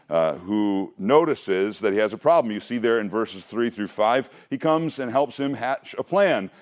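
Low-pitched male pastor; relaxed conversational preaching with dry humor. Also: measured pace, few pauses. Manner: conversational, with wry joking asides to the congregation. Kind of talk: sermon.

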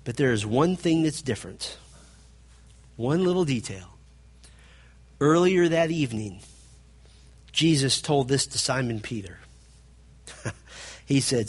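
A man preaching a sermon, swinging between loud emphatic passages and hushed, low stretches as he retells a scripture story. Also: lively intonation, a little slow, pauses often, slightly rough.

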